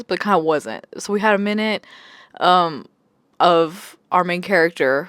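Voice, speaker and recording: A woman's voice: deep voice, clean tone, dry recording. A woman book vlogger talking casually about what she is reading, chatty and exasperated, swearing and laughing often. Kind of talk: casual chat.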